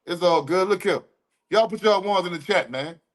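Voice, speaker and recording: A man co-hosting a casual livestream podcast, talking in loose street slang with drawn-out emphatic asides. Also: sits high. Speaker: podcast co-host.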